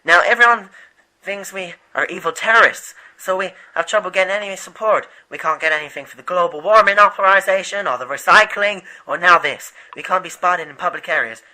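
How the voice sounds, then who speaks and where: A man voicing an earnest male rebel volunteer leader in an amateur animated movie, rambling and stumbling over his words. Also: high-pitched, a little fast, rough recording. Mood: urgent.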